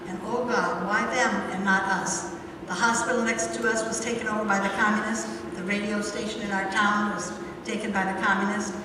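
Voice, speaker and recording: An older woman giving a chapel sermon, telling earnest stories with slow, emphatic phrasing. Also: medium pitch. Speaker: chapel speaker. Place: large college chapel. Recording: distant, very echoey hall with noise.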